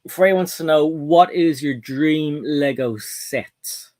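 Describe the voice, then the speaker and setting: A man's voice: a little high, slow, a little mellow. A man hosting a casual livestream chat, rambling on and reading out viewer comments. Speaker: host.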